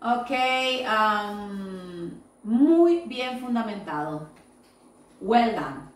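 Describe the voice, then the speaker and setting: Woman, English teacher, slow careful feedback, frequent "okay?" checks, roomy echo. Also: medium pitch, animated, distant mic. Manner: slow, repeating "yes?" and "okay?" to check understanding. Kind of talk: online class feedback.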